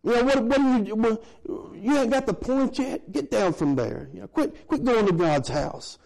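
A man's voice: high-pitched, lively intonation, normal speed, gravelly, darkish tone, voice pushed up, poor audio. A man voicing the taunting voice of the enemy, jeering and mocking.

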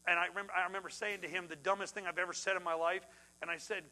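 A man preaching, middle-aged, his voice sitting high and bright. He swings between ringing, forceful outbursts and quiet, hushed passages as he tells a story from the pulpit. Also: racing, rough recording. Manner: animated, swings from loud outbursts to hushed tones. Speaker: pastor. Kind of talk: sermon with personal story.

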